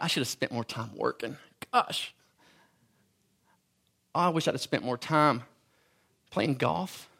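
Male pastor, 30s, gravelly and slightly high, chatty sermon with stumbling restarts. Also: a bit bright. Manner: conversational, self-deprecating storytelling with stammered restarts.

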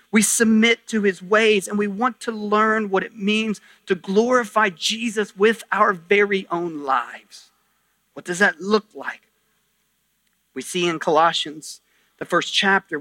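A man's voice: sits high, pushed and bright, no echo. A male pastor preaching a sermon, emphatic, with rhetorical questions and repeated phrases. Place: church sanctuary.

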